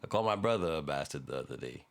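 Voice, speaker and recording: A man's voice: extremely low pitch, lively intonation, racing. A man hosting a music reaction video, talking in a laid-back, rambling way with frequent laughs and casual swearing.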